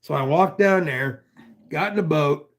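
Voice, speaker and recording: Rambling, profane storyteller man, fairly high voice. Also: a little slow. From northwestern Pennsylvania. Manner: rambling and profane, with many asides. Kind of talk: casual chat, telling a long story.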